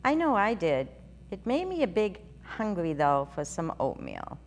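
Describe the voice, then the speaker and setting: A woman hosting a children's story show, reading a storybook aloud in a gentle, sing-song way. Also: on the low side, very animated, measured pace. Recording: reverberant room with faint hum.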